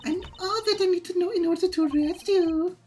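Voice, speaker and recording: A squeaky haughty German prosecutor. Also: female voice, brisk, a little mellow. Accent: put-on German. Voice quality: squeaky, exaggerated. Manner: imperious, cartoonish. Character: haughty young female prosecutor, squeaky and arrogant.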